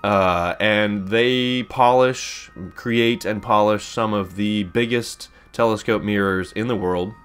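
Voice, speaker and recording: A man's voice: medium pitch, a bit bright. A man from Pittsburgh chatting casually and rambling upbeat while commentating his own space game playthrough. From Pittsburgh, USA. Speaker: let's play host. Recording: faint background music.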